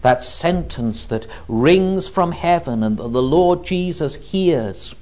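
Male preacher, sermon, unhurried and deliberate, lively rises and falls, muffled lo-fi recording. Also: a little high. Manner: slow and deliberate, with rhetorical questions. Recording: dull lo-fi recording.

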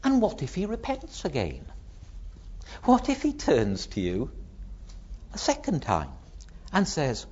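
A man preaching a sermon, acting out the voices he quotes with lively rises and drops in pitch. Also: takes it slowly, pauses often, husky, highs cut off.

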